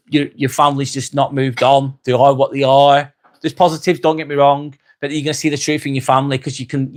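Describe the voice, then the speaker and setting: A young English man hosting a casual livestream, chatting and reading out viewers' comments with frequent fillers and repeated phrases. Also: on the high side. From England. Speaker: livestream host.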